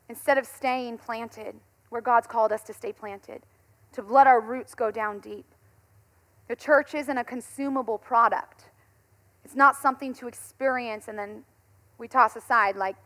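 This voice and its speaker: High-voiced woman pastor preaching. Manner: animated, laughing storytelling. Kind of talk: conversational sermon.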